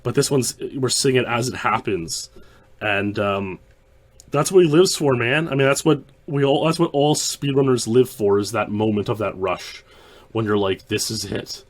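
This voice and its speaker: A man's voice: medium pitch, moderate pace. A man hosting the show, talking through the clip in casual, rambling commentary full of restarts. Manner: rambling, many restarts and fillers. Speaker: host.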